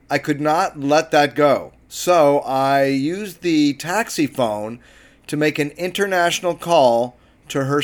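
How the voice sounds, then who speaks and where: Guy doing his podcast, kinda higher voice, swears a lot, wry and casual. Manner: profane, wry and self-deprecating. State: sober. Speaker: podcast host and taxi driver. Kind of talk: casual monologue and recorded chat with a passenger.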